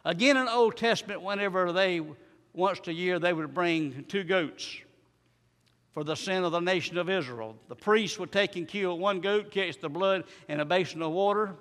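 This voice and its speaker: A male preacher, delivering a sermon with repeated rhetorical questions and dramatic swings from loud to soft. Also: high-pitched, normal speed. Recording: long hall reverb.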